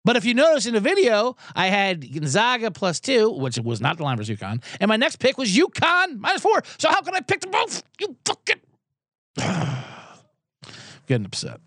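A young man with a high, bouncy voice rants sarcastically on his podcast, swinging from amused to exasperated. He rambles with quick asides, recorded dry and close with no room sound. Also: huge pitch swings, a bit bright, no room sound. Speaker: podcast host. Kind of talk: casual comedic rant.

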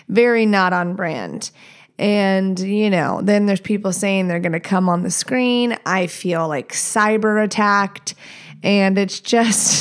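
A woman's voice: medium pitch, measured pace. Woman in her 30s hosting a solo podcast, swears a lot, chatty and candid. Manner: candid and profane, animated asides. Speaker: podcast host. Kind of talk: casual solo podcast storytelling.

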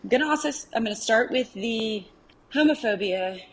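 A woman with a strong Arkansas accent talks in a chatty, folksy way and pokes fun at herself. Her voice is husky and a little breathy. She sounds like a listener sending in a casual recorded message. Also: fairly high pitch, animated, moderate pace, low-quality recording. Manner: chatty, folksy, self-teasing.

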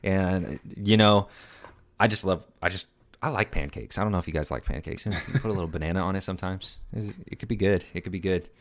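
A man co-hosting a casual podcast chat, excitable and gushing, often repeating himself as he gets carried away. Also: deep voice, quick pace. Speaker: podcast co-host.

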